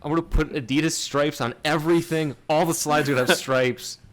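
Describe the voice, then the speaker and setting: A man's voice: on the high side, steady tone, a little fast, fairly bright tone. A man hosting a podcast, chatting casually and jokingly about space missions, laughing often as he explains. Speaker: podcast host. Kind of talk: casual chat.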